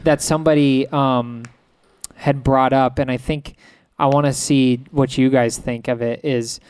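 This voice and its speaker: A man's voice: medium pitch, fairly even intonation, measured pace, a little mellow, clean tone, dry recording. A man in casual chat about movies, hesitant and full of fillers as he sets up his point.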